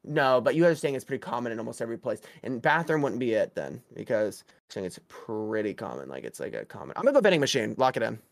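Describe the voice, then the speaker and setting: Rambling guy thinking out loud. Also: mid-range voice, very animated, quick pace, creaky, hardly any pauses, no room sound, studio quality. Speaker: podcast co-host, guessing player. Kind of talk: casual podcast banter.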